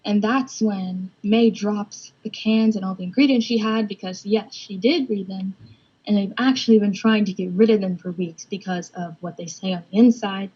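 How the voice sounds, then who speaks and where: A woman's voice: mid-range voice, fairly even intonation, moderate pace, warm tone, slightly rough. A young woman presenting a storyboard casually, with many "kind of" and "like" fillers. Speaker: student presenter. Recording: dull lo-fi recording.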